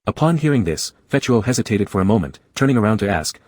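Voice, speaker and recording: Male audiobook narrator, low and husky, dry close sound, steady delivery. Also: quick pace, few pauses, no echo. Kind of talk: scripted narration.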